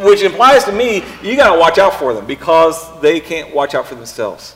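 A pastor preaching a casual sermon, often pausing and repeating words as he thinks aloud. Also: on the high side, big pitch swings, a bit bright. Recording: long reverb in a hall.

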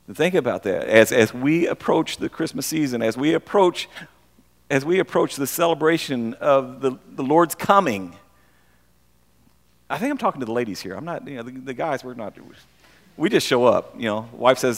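A man preaching a conversational sermon as pastor, animated and given to repeating phrases for emphasis. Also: mid-range voice, moderate pace, gravelly, long reverb tail.

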